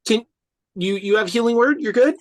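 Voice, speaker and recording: A woman's voice: on the high side, normal speed, a crowd in the background. A woman playing in a tabletop game, casual, swearing and laughing as she checks her rules. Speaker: player.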